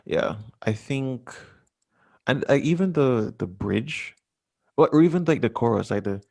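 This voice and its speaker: A man co-hosting a podcast in casual chat, laid-back and halting, repeating words and swearing casually. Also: mid-range voice, animated, creaky, darkish tone. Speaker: podcast co-host.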